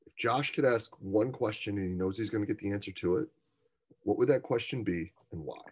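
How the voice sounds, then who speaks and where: A man's voice: fairly low pitch, fairly quick, darkish tone, breathy edge. Easygoing man hosting a podcast. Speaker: podcast host. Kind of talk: casual podcast conversation.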